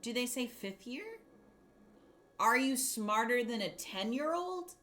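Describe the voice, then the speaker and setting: A woman's voice: a little high, animated, slow pace, fairly bright tone. A woman hosting a crafting livestream, chatting casually and rambling while she answers her chat. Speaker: livestream host.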